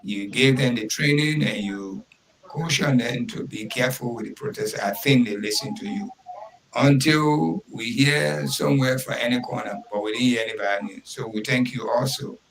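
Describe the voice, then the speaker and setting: A man's voice: medium pitch, moderate pace, vocal fry, fairly bright tone, low-quality recording. A man hosting a radio show, giving an earnest, emphatic weather report and repeating key words. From Liberia. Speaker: radio host.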